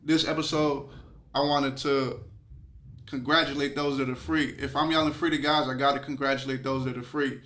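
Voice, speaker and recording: A man's voice: mid-range voice, little pitch movement, moderate pace, fairly bright tone. A man hosting a podcast, talking in an emphatic, repetitive, rallying way in a casual conversation. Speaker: podcast host.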